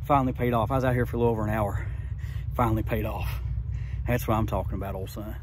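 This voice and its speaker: A man vlogging his fishing outdoors by a creek, excited and rambling in a folksy way, recorded on a phone held at a distance. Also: fairly low pitch, quick pace, slight background noise. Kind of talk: casual outdoor vlog talk. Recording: faint phone audio from a distance.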